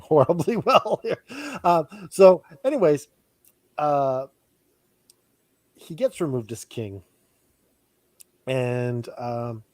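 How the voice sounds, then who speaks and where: Co-host, man, rambling joker, dry close mic, mid-pitched. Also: a little mellow, no room sound. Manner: rambling, joking, laughs often. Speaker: podcast co-host. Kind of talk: casual chat.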